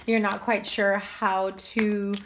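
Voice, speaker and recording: A woman giving a casual tarot reading to her viewers, chatty and animated, cursing now and then. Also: mid-range voice, slow pace, a little hiss or hum. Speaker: tarot reader.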